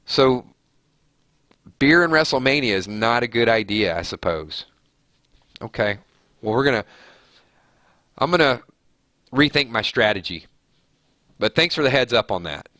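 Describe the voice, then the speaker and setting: A man's voice: mid-range voice, animated, unhurried, long pauses, pushed and bright, no room sound, studio quality. A man with a nasal voice hosting a live stream, chatting casually and reading viewer comments aloud with easy laughs.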